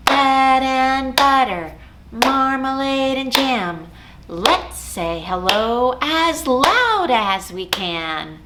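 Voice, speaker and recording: A woman leading a children's storytime as a librarian, singing songs and chanting rhymes in a slow, sing-song way. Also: fairly high pitch, big pitch swings, heavy background noise. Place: library program recorded at home.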